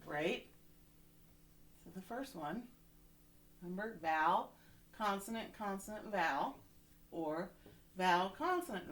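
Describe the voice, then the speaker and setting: A woman's voice: medium pitch, a bit bright. A woman teacher giving a phonics lesson to young children from home, encouraging and often checking in with "right?".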